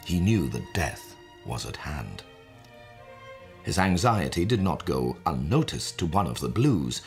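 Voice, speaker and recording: A man narrating a scripted story in a measured, dramatic way. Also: rumbling low. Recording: soft music under voice.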